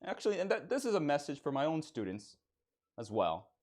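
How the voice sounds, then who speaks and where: A man's voice: on the high side, wildly swooping pitch, fairly quick, darkish tone. A young man chatting casually on a live stream in a playful, joking teacher persona, laughing often.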